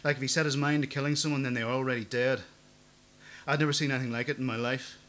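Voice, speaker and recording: A broken, sleepless man pleads in a weary, tearful voice, as a male narrator acts him out. The tone is bright and strained, pitched a little above the reader's own. A doomed figure in a grim audiobook crime story. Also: fairly even intonation, fast, slight background noise, close to an everyday voice. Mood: despairing. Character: broken, exhausted middle-aged man awaiting death.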